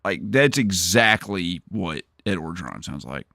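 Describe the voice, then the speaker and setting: Lively low-voiced male game streamer. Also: measured pace, gravelly, dry recording, clean studio sound. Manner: joking, rambling, laughs often. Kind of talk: casual live-stream chat.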